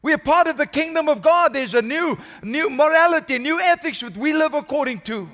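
A senior pastor preaching a sermon, building to strong emphasis and asking the congregation "Amen?". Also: male voice, extremely high pitch, animated, a little fast, pushed and bright, in a large hall. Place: church.

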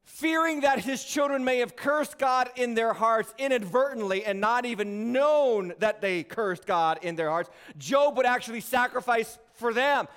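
A pastor with a high, light voice preaches from a church stage. He keeps throwing rhetorical questions at the congregation and slips in playful asides, his delivery lively and conversational. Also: unhurried, hardly any pauses, clean tone. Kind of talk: sermon. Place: church sanctuary.

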